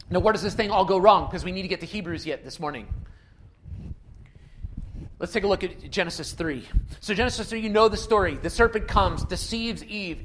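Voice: medium pitch, a bit bright, slight background noise. A pastor preaching a sermon in a conversational way, repeating key phrases for emphasis and speaking straight to the congregation.

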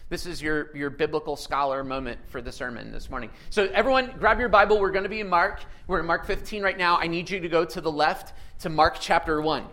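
A man with a high-pitched voice delivers a sermon with lively energy. He keeps asking his listeners questions and reads scripture aloud with dramatic emphasis. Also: fairly quick, few pauses, rough recording. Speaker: pastor.

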